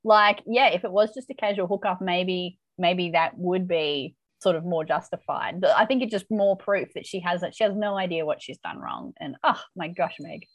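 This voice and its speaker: Woman, podcast co-host, casual recap chat, lively swooping voice, dry close sound. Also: fairly low pitch, moderate pace, few pauses, no echo. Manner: animated, laughs often, acts out quotes.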